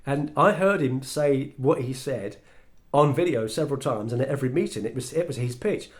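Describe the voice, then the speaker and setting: A man's voice: medium pitch, normal speed. A man with an English accent telling a personal story as a monologue, acting out the dialogue he quotes. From England. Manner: animated, acts out quoted dialogue. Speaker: speaker sharing his story.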